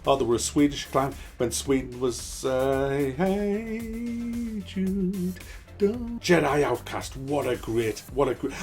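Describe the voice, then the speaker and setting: A middle-aged man rants with nostalgia about old video games, swearing freely and repeating titles again and again. His voice sits at an everyday middle pitch. Faint music plays underneath. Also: steady tone, moderate pace, gravelly, hardly any pauses. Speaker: gaming channel host. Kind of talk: nostalgic ranting monologue.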